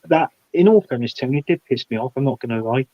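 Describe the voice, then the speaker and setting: A man's voice: medium pitch, lively intonation, fast talker, no room sound. Heated, stumbling man on a muffled mic. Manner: blunt, heated opinions with stumbling restarts. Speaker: podcast guest. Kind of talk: casual football chat.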